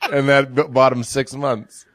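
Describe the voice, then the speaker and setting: A man guesting on a comedy podcast, chatting casually, excitable and laughing often. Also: mid-range voice, a little slow, dry recording.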